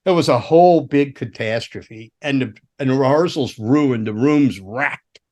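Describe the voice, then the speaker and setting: A man's voice: mid-range voice, a little slow, muffled recording. A man telling road stories in a casual podcast chat, swearing freely and acting out the voices of the people he quotes. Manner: profane, animated storyteller who acts out quotes. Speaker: guest, former roadie.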